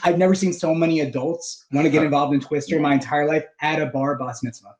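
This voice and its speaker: A man with a fairly high voice talks chattily and enthusiastically as a guest, full of fillers. He co-owns an entertainment business. The room around him is echoey. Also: fairly even intonation, fast talker. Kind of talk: casual interview talk.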